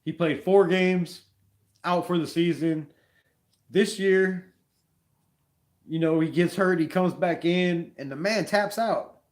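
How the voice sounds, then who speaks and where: A man hosting a casual live sports talk stream, rambling and animated, peppering his talk with slang. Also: sits high, takes it slowly, pauses often. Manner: rambling, animated, says "bro" a lot. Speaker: fan show host.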